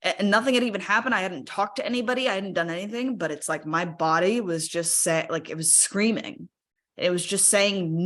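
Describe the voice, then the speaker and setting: A woman's voice: medium pitch, fairly quick, a bit bright. A woman speaking candidly to a live webinar audience from her home workspace over a video call, often checking in with listeners. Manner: candid, conversational, often asks the audience "right?". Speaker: speaker sharing a personal story.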